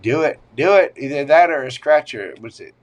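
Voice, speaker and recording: Chatty animated man reading tarot live. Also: moderate pace, slight background noise. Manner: chatty, greets viewers with pet names; animated, swings up and down in pitch and loudness. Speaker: tarot reader hosting a livestream. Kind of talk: casual livestream tarot reading.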